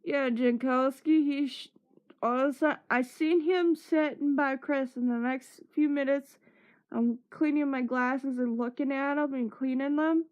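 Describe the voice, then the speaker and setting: A woman's voice: high-pitched, fairly even intonation, unhurried, a little mellow. A woman streamer chatting casually, telling a long story with swearing and laughter. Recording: muffled lo-fi stream audio.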